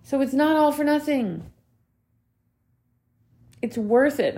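A woman's voice: high-pitched, lively intonation, slow, long pauses, warm tone. A woman in her thirties speaks on her own podcast in a heartfelt, emphatic way. She repeats her key points for weight and drops casual swear words as she talks straight to her listeners. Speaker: podcast host. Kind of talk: motivational solo podcast talk.

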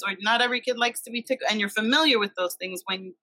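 A woman's voice: medium pitch, quick pace, bright, forceful tone, dry recording, low-quality recording. A woman in her thirties hosting a podcast, talking in a reflective, thoughtful way. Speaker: podcast host. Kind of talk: casual conversation.

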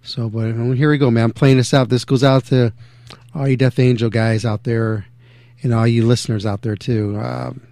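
A man's voice: medium pitch, flat delivery, moderate pace, creaky, dark tone, no room sound. A man hosting a radio show in loose, rambling casual chat with many fillers. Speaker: radio host.

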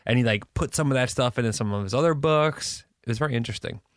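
A man's voice: mid-range voice, quick pace, no room sound, clean studio sound. A man co-hosting a podcast in casual chat, rambling with lots of fillers and breaking into rants. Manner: rambling, filler-heavy, ranting. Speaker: podcast co-host.

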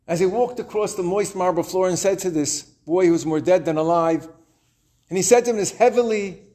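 Wry, animated young male storyteller. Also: a little high. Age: 20s. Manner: animated, wry, dramatic pauses. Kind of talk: told story to an audience.

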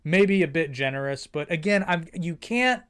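A man's voice: a little high, animated, normal speed, a bit bright, clear, resonant tone. A man co-hosting a podcast, rambling through a casual movie review and often quoting film lines. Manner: rambling, quotes movie lines in silly voices. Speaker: podcast co-host.

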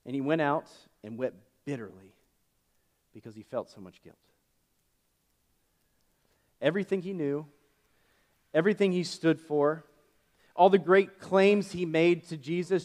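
Conversational male pastor, slightly high voice. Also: a little slow, pauses often, darkish tone. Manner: conversational storytelling with fillers and self-corrections. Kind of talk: sermon. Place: church.

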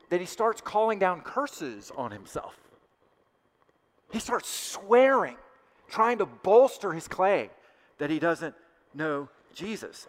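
A male pastor preaching a sermon with passion, swelling louder and then dropping to hushed asides. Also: high voice. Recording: long hall reverb.

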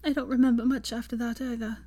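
A tender young woman speaks softly and earnestly in a raised, gentle voice, as a woman reads her lines aloud. She sounds close and heartfelt, at a quiet level. The part sits in a dramatic storybook reading. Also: level tone, fast, no room sound, lightly acted. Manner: soft, high and earnest.

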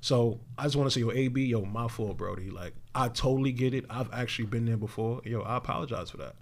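A man's voice: medium pitch, fast. Young man, podcast co-host, casual chat, slangy, laid-back, rambling.

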